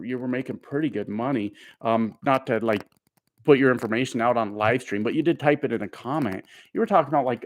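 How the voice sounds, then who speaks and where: A man in his thirties who drives trucks, talking loosely on a live stream from his house. He rambles and stalls with fillers while answering viewers, at a middle pitch. The sound is dry and close, with no room around him. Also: dry recording. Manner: rambling, reads viewer comments aloud, frequent fillers. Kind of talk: casual live-stream chat. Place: at home.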